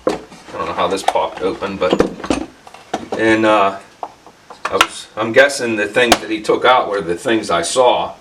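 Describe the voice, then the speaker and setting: A man's voice: fairly low pitch, a little slow, long pauses, recorded from a distance, heavy background noise. A man hosting a casual vlog, telling a story in a rambling way with many fillers and restarts in his workshop. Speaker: channel host.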